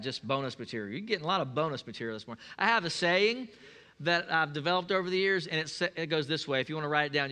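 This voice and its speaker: High, bright preacher man. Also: smooth. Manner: folksy, humorous storytelling with call-and-response. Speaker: pastor. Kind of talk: sermon.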